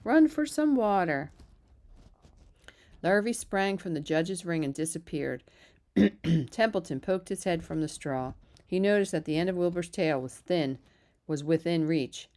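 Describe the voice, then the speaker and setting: A woman reading a children's novel aloud in a steady, even narrating voice, with a few small slips. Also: low voice, normal speed. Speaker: reader. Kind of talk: storybook read-aloud.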